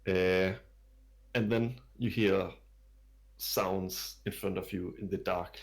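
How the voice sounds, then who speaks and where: A man's voice: low voice, fairly even intonation, slow. A man narrating a tabletop game as dungeon master, describing scenes in a hesitant way full of fillers.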